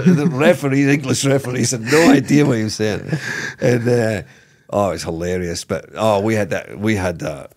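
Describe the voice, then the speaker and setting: A middle-aged man, a former footballer, telling stories in a casual interview, rambling and animated with many restarts. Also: mid-range voice, brisk. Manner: animated, rambling, lots of repeated starts and "you know what I mean".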